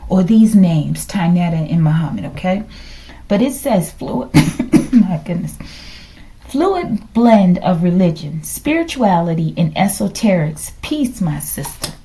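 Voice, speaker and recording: A woman's voice: lowish voice, sing-song, unhurried, warm tone. A middle-aged woman giving a casual tarot reading, musing aloud, questioning the cards and sometimes dropping to a whisper. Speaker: tarot reader.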